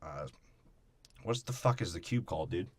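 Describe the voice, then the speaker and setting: A man's voice: sits low, animated, moderate pace, husky. Crude, joking young man podcasting. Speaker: podcast co-host. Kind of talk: casual movie-recap chat.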